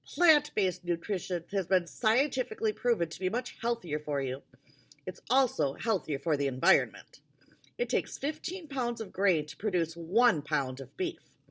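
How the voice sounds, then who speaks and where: A woman's voice: fairly low pitch, very animated, normal speed, a bit bright, slightly rough, exaggerated voice. A woman voicing an earnest girl who lectures about plant-based food, in a storybook reading. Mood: preachy. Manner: lecturing, emphatic. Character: earnest vegetarian girl, preachy and precise.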